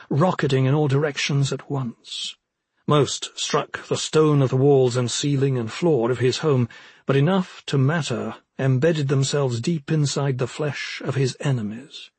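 A man narrating a fantasy audiobook in a husky voice, with measured, even storytelling. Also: medium pitch, no echo.

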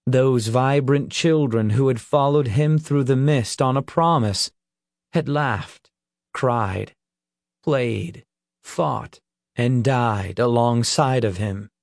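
A man narrates a story in an unhurried, deliberate voice of middling pitch. Each phrase is given room to land. The recording is dry and close, with no room echo. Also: vocal fry. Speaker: audiobook narrator. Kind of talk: scripted narration.

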